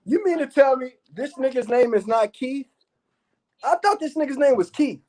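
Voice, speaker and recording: A man's voice: very high voice, expressive, normal speed, a little mellow. A man hosting a livestream, talking in a rambling, profane way with laughing asides. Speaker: livestream host. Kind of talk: casual rambling livestream talk.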